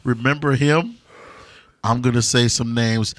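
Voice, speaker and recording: A man's voice: mid-range voice, measured pace, no echo, studio quality. A man co-hosting a podcast, joking animatedly and swearing freely. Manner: animated, profane, jokey. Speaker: podcast co-host. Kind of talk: casual podcast chat.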